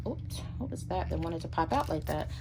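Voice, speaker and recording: A woman's voice: sits low, expressive, heavy background noise. A woman giving a casual tarot reading to her viewers, chatting freely and acting out what both partners might say. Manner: chatty, acts out both sides of a relationship in quick asides. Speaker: tarot reader.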